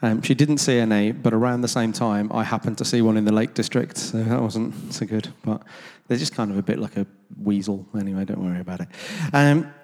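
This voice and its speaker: A man's voice: lowish voice, a little fast, few pauses, darkish tone. A man tells anecdotes to a gathered audience in a loose, conversational way, full of ums and self-deprecating asides. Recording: long reverb of a large hall.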